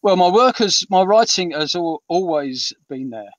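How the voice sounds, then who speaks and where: A man's voice: high-pitched, lively intonation, measured pace, no echo. British man on a muffled distant mic. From Britain. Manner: rambling, many restarts and ums. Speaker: author guest. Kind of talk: casual interview chat.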